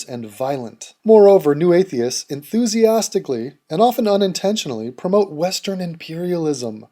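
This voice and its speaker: A man hosting a commentary video who reads a text aloud and mocks it with deadpan sarcasm. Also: fairly high pitch. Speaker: video host.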